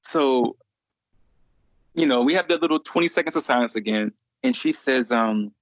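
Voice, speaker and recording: Young man, relaxed story, voices quotes, dry lo-fi mic. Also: mid-range voice, moderate pace, no room sound. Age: young adult. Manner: animated, acts out voices in quotes. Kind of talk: casual storytelling. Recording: dry, dull lo-fi recording.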